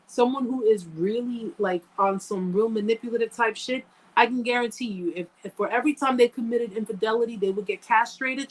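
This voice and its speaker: A woman hosts a live chat and talks casually and emphatically to viewers, repeating phrases for effect and thanking people by name. Her voice is medium in pitch. The recording quality is low.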